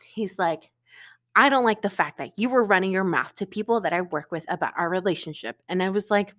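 A woman's voice: mid-range voice, brisk, a bit bright. A young woman from Florida, co-hosting a podcast, telling a breakup story in casual chat with lots of filler words and swearing. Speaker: podcast co-host.

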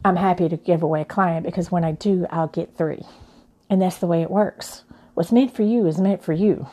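A woman's voice: medium pitch, dark tone. A middle-aged woman, a mother telling her own story in a candid, emphatic way, often repeating her points. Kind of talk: personal talk.

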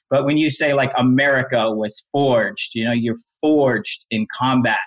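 Earnest middle-aged male interview guest. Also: medium pitch. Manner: earnest, explanatory storytelling. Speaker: guest, former Navy SEAL instructor and founder of an apparel brand. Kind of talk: casual interview chat.

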